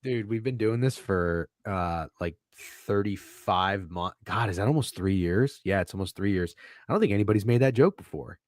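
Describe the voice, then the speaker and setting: A man's voice: on the low side, lively intonation, moderate pace, dry recording, studio quality. A young man co-hosting a casual sports betting show over a video call, joking and swearing while fussing with his camera. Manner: profane, joking, flustered by camera trouble. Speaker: podcast co-host.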